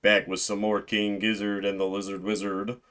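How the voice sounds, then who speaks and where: A man hosting a music reaction video, talking casually in a jokey, excitable way with sudden loud outbursts. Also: lowish voice, normal speed. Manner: jokey, excitable, big swings in loudness.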